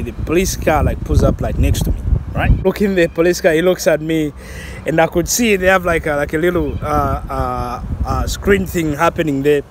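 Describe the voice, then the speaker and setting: A man's voice: a little high, background noise. Zambian-born man telling a rambling story. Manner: rambling with frequent restarts and fillers, laughs at himself. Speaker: vlogger. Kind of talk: casual storytelling.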